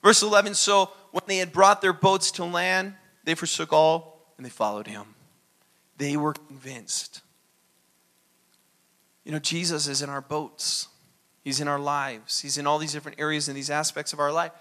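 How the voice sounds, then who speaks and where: A man preaching a sermon as pastor, animated and acting out little dialogues. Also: on the high side, moderate pace.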